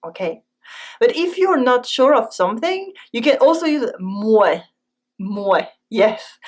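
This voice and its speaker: A woman's voice: on the high side, sing-song, measured pace. A woman with a French accent giving a scripted language lesson, saying example phrases twice and then translating them. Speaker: French teacher.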